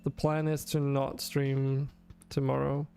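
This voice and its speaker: A drowsy man chats through a video game on his stream in a mid-range voice with a gravelly texture. He rambles, restarts his sentences and talks in a loose, off-the-cuff way. Faint music plays underneath. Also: mid-range voice, slow pace. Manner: relaxed, rambling, self-correcting. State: yawning, sleepy. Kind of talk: casual gameplay commentary.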